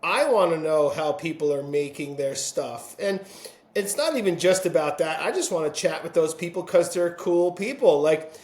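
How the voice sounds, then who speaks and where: A man's voice: on the high side, lively intonation, moderate pace, darkish tone. A man hosting a casual video-call chat from his home pottery studio, friendly and talkative, laughing often. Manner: chatty, laughs often, breaks into playful voices when quoting. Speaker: podcast host. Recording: roomy studio echo.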